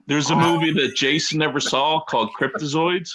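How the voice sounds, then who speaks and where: Man from Philadelphia, co-host, casual chat, joking, bright voice. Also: on the high side, steady tone, normal speed, slight background noise. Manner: chatty, joking, tells stories in a rush. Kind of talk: casual chat on a live web show.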